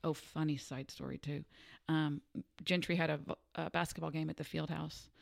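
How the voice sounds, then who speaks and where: Her voice low-pitched and gravelly at a normal speed, a woman co-hosting a laid-back conversation spins an animated story. She performs each character's quotes as she goes.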